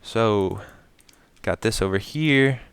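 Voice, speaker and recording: A man with a low, gravelly voice talks his viewers through a building game in an unhurried, easygoing way, often muttering to himself and counting items aloud as he places them. His tone stays smooth and clear under the grit, and the sound is dry and close. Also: no room sound. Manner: explains step by step to his viewers. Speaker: Minecraft builder and commentator. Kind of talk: casual gameplay commentary.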